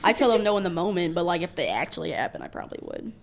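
A woman's voice: on the low side, animated, rapid-fire. A woman co-hosting a casual podcast who talks loosely with lots of "like" and "um" and jokes about herself. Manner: chatty, filler-heavy, self-deprecating. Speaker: podcast co-host. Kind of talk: casual chat.

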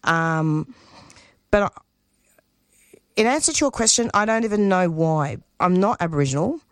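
A woman, a community radio producer speaking as an interview guest, earnest and emotional, halting and restarting her sentences. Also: lowish voice, animated, dry recording, studio quality. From Australia. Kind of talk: interview guest, spontaneous talk.

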